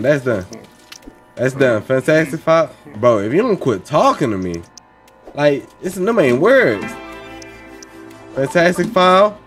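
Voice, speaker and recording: Young male let's-play host, higher voice, rhythmic repeating chatter. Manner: repeats lines in chanting bursts, talks along with the game. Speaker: gaming channel host.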